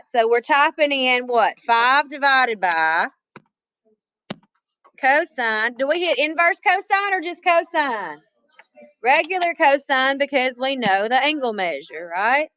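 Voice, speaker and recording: A woman's voice: high-pitched, lively intonation, slow, long pauses, bright, forceful tone, low-quality recording. A woman teaching a math class, chatty and often asking the students questions. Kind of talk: classroom lesson.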